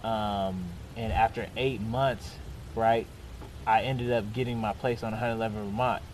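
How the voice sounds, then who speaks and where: A young man casually telling a long personal story, animated and often laughing as he goes. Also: fairly low pitch, moderate pace, a little hiss or hum. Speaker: storyteller guest.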